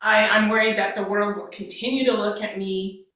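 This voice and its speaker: A woman's voice: medium pitch, steady tone, moderate pace, a bit bright, far from the mic. A woman, a life coach and counselor, talking candidly and emotionally in casual conversation, swearing now and then. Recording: echoey room, away from the mic.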